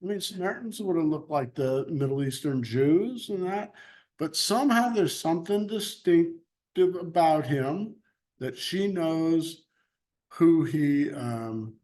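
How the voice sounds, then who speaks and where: Bible class teacher, man, slightly high voice, slow and chatty. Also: lively intonation, a little mellow. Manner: chatty, laughs easily, loose restarts. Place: church classroom.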